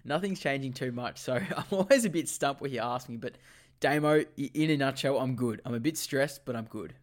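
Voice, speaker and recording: A man co-hosting a podcast, a little hoarse from a sore throat, telling stories with lots of laughs. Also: mid-range voice, brisk. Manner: laughing, loose storyteller. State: slightly lost voice, sore throat. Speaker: podcast co-host. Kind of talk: casual chat.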